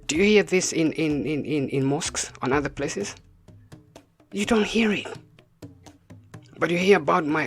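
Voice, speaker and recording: Casting: African man, spiritual teacher, preachy, presses the point with repeated rhetorical questions, soft music underneath. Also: fairly high pitch, normal speed, long pauses. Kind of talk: impassioned spoken message.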